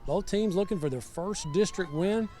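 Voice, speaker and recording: Man, sideline football commentator, chatty, storytelling, slightly high voice, outdoor stadium. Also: moderate pace, dark tone. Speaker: sideline reporter and color commentator.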